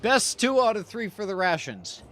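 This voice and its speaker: A man's voice: high-pitched, sing-song, moderate pace, a bit bright, soft background music. A man from Canada running a tabletop role-play stream as game master, often restarting to check the players' choices.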